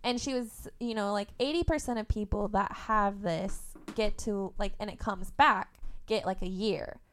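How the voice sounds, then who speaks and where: A woman's voice: medium pitch, moderate pace, clean tone. Candid young woman telling her story. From Indiana, US. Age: young adult. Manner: emotional, open, laughs through hard memories. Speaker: podcast guest.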